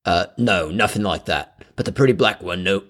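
A man voicing a young male neighbor who talks slowly and draws out his words. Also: low-pitched, fairly bright tone.

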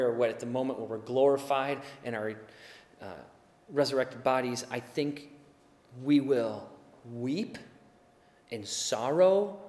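A man preaching a sermon as pastor, earnest, swinging from hushed, slow asides to loud shouted urging. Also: mid-range voice, echoey room, long reverb tail.

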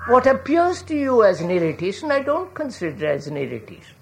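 A woman speaks to an audience in a reflective public talk. Her voice moves a lot in pitch as she presses questions. She keeps checking that listeners follow and calls them sir. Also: big pitch swings, a little fast, creaky.

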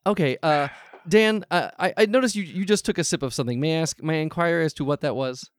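An actor playing a nervous, overly polite advice-show host who stammers constantly, heard over a video call. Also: male voice, on the high side, fast, dry recording, clean studio sound, natural voice. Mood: probing. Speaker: improv comedy host.

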